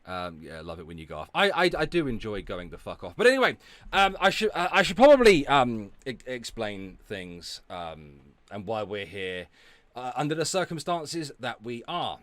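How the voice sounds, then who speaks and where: A man rants on a livestream, swearing freely and dripping with sarcasm. His pitch leaps around constantly as he swings between mock cheer and low, muttered scorn. The sound is close and dry, with no room around it. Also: very animated, moderate pace, no echo. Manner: profane, sarcastic, loud outbursts; reads out donations and thanks viewers. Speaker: streamer. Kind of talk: ranting livestream chat.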